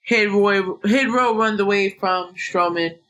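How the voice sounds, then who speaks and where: A woman's voice: mid-range voice, unhurried, fairly bright tone. A woman hosting a casual wrestling podcast, recapping bluntly and swearing freely. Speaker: podcast host.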